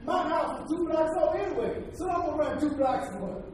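Speaking with an extremely high, slightly mellow voice and a bit fast, a man gives a sermon testimony about his own life, emphatic and folksy with preaching asides. He is recorded from far off in a very echoey hall with faint noise.

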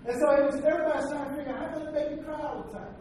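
A man's voice: very high voice, fairly even intonation, very fast, noisy background. A man preaching a sermon with emphatic repetition, leading the congregation in chanted call-and-response and telling long stories. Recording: echoey hall from far off.

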